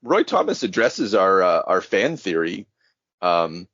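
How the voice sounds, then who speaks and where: Husky, hesitant male podcast host. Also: low-pitched, big pitch swings, unhurried, fairly bright tone, dry recording, dull audio. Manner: rambling, hesitant, giggly. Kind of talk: casual chat.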